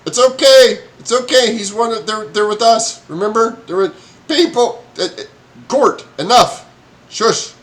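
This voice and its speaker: A man voicing a fussy male village mayor in a tabletop game, loud and hurried. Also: fairly high pitch, huge pitch swings, pitched above the performer's own voice, exaggerated voice. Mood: flustered.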